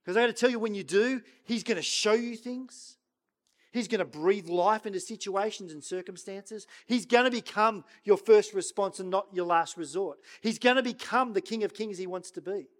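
High-voiced pastor preaching with swelling intensity. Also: male voice. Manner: swings between loud urging and hushed, slow prayerful quoting. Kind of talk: sermon.

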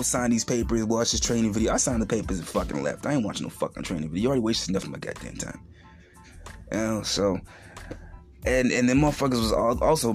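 A man hosting a podcast, telling a story in a blunt, profane and animated way, loudly mocking the people he quotes. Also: mid-range voice. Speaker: podcast host. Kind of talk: casual profane monologue.

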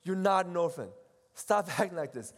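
At a retreat, a middle-aged seminary professor speaks at normal speed in a high voice, keeping the talk casual and animated. He acts out quoted voices, alternating loud and soft, in a space with long hall reverb.

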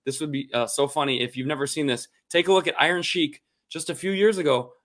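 A man's voice: fairly high pitch, fairly even intonation, quick pace, a bit bright. A man hosting a comedy podcast, talking in a wry, joking way. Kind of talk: comedic commentary.

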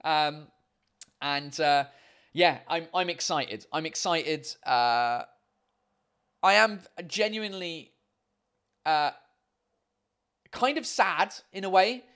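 A man's voice: fairly high pitch, animated, slow pace, long pauses, fairly bright tone, smooth. A man hosting his own live stream show, chatting casually and swearing freely.

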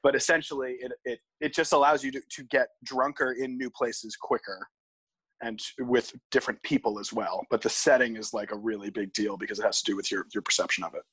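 A young man co-hosting a casual podcast, his voice husky and a little breathy. The sound is dry and close. He tells stories with animated swings and swears freely. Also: mid-range voice, fairly quick, no echo, rough recording. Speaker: podcast co-host. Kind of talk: casual chat.

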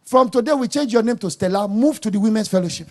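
A man's voice: high-pitched, fast talker. A man preaching a sermon, emphatic and scolding, repeating words for stress.

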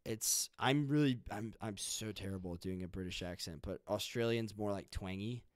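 A man's voice: on the low side, moderate pace, no room sound. A young man hosting a podcast, chatting casually and rambling with lots of fillers and restarts. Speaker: podcast host. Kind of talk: casual chat.

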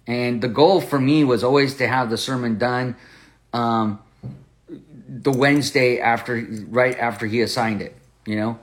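A man of ordinary middle pitch hosts a Bible study podcast. He tells a personal story earnestly, often repeating and restarting his words as he goes. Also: steady tone, unhurried. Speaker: podcast host and Bible teacher.

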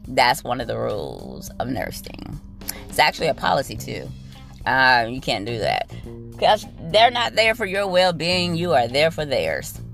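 A woman's voice: extremely low pitch, huge pitch swings, unhurried, creaky, fairly bright tone, faint music behind. A woman nurse telling a work story as a blunt, profane and exasperated rant.

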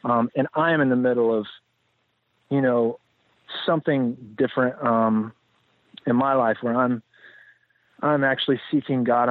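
A man's voice: medium pitch, no room sound. Reflective man on a tinny line. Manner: reflective, rambling, many fillers and restarts. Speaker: podcast guest. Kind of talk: casual interview talk. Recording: tinny phone-like line, dry.

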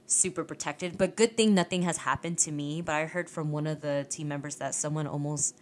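A woman in easygoing podcast talk, spinning lively stories and swearing freely. Her voice sits a little low for a woman. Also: brisk, slight background noise. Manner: animated storytelling with swearing and laughs. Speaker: podcast guest. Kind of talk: casual chat.

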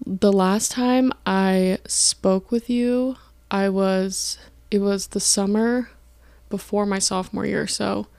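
A young woman in college talks through her solo podcast from her dorm room. She speaks slowly and keeps wandering off track, stopping mid-sentence to fix herself. Her voice sits at an ordinary middle pitch on a dry, close mic. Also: darkish tone, no echo. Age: young adult. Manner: rambling, self-interrupting, chatty. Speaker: podcast host. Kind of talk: casual solo podcast chat. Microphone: podcast mic, filmed for video.

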